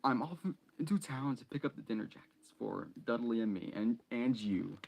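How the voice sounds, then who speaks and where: A man's voice: medium pitch, lively intonation, normal speed, gravelly, darkish tone, poor audio. A man voicing a blustering, nasty middle-aged uncle in a stern, clipped commanding tone. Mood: bossy.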